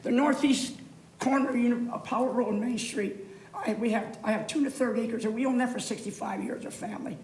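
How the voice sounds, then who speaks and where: A man's voice: extremely high pitch, brisk, darkish tone, slight background noise. An older man speaks at a public meeting podium, rambling and emotional as he pleads his case. His voice carries the echo of a council chamber. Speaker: public commenter. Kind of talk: public comment at a city meeting.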